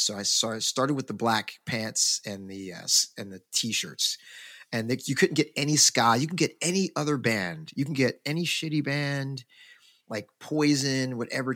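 A man, a podcast co-host, telling a long story in casual chat, rambling and animated with many fillers and restarts. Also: medium pitch, dry recording, clean studio sound.

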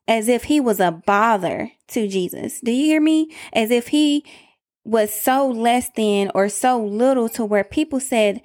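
A woman's voice: on the high side, expressive, a little slow, a little mellow. Emphatic woman preaching a sermon. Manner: emphatic, calls out to listeners.

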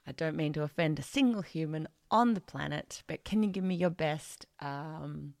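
A woman's voice: sits low, normal speed, creaky, hardly any pauses, a little mellow, no echo, studio quality. A woman giving a vocal lesson at home, chatty and playful, singing scale steps and demonstrating twangy voices. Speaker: singing teacher. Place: home studio with birds and geckos outside.

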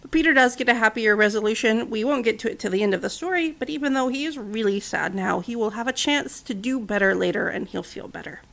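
A woman in her thirties hosts a children's story podcast. She narrates in an earnest, gentle way, her voice fairly high and gravelly. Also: quick pace, hardly any pauses. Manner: earnest, gentle, conversational asides.

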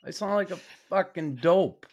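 A man's voice: sits high, lively intonation, moderate pace, a little mellow. A man with a Boston accent hosting a podcast, telling stories in a blunt, profane, casual way. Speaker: podcast host. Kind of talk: casual interview chat.

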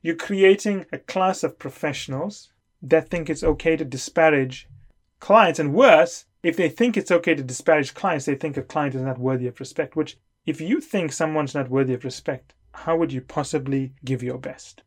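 A man's voice: a little high, normal speed. A middle-aged man giving an emphatic, lecturing talk as a consulting coach. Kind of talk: lecture to camera.

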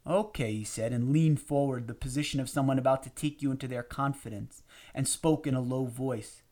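A man narrating a memoir audiobook in a measured, steady reading. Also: mid-range voice.

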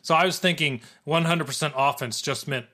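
A man's voice: fairly high pitch, a little fast, sharp tone. A man co-hosting a gaming podcast, chatting and explaining game mechanics with frequent restarts. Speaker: podcast co-host. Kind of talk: casual gaming podcast chat.

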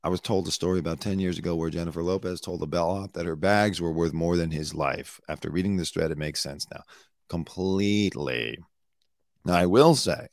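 Blunt, hoarse man with a deep voice. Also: no room sound, studio quality. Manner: blunt, swearing, rambling asides. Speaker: show host and former celebrity news producer. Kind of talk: casual comedic commentary.

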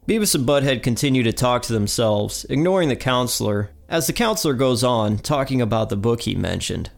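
A man's voice: mid-range voice, expressive, a little fast, creaky, hardly any pauses, soft background music. A man hosting a podcast, retelling an episode in a plain narrating manner. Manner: plain retelling with quoted lines. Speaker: podcast host.

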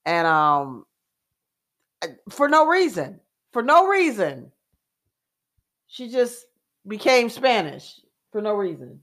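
A woman, co-hosting a casual chat and telling stories in an animated way, with fillers and laughs. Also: medium pitch, slow pace, long pauses. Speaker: co-host.

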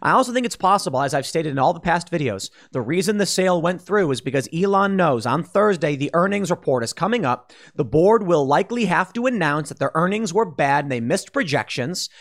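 Animated man hosting opinion commentary. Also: a little high, fairly quick, hardly any pauses. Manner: animated, sarcastic, acts out mocking voices. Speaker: commentary show host.

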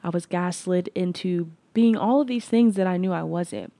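A woman's voice: fairly low pitch, normal speed, warm tone, no room sound. A woman hosting her podcast, talking earnestly in a reflective personal monologue, with frequent restarts and "like" fillers. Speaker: podcast host.

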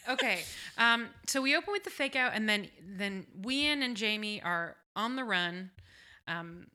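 A woman's voice: medium pitch, expressive, measured pace, pushed and bright. A woman co-hosting a podcast, chatting casually about a TV episode, swearing freely and laughing often. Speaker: podcast co-host. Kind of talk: casual chat recap.

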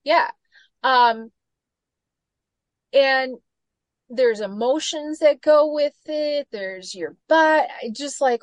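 A woman in her forties, a gut health coach, telling stories with lively acted-out quotes in a casual interview. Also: on the high side, slow, dry recording. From Michigan, United States. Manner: animated storytelling, acts out quoted voices.

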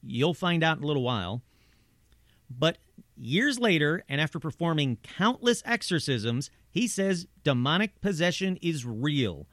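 Telling paranormal tales like true-crime narration, this host talks conversationally, tossing in asides and rhetorical questions. His voice is on the high side, very animated and a bit bright, his pace unhurried, and the studio recording is clean with no room sound.

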